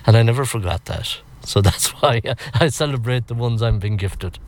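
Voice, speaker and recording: A man's voice: mid-range voice, moderate pace. An older Irish man telling stories from his past in a rambling, reflective interview. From Ireland. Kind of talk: reflective storytelling.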